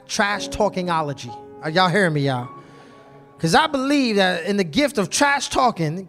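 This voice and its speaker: High-voiced male preacher calling out to the congregation. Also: a bit bright. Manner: call-and-response, repeatedly asks the congregation "y'all". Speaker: pastor. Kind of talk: storytelling sermon.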